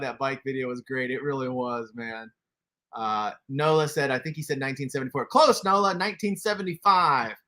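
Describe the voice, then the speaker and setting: A man's voice: on the high side, bright, forceful tone. A man, casually hosting a toy livestream, laughing often and reading chat aloud. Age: 40s. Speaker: toy collector livestream host.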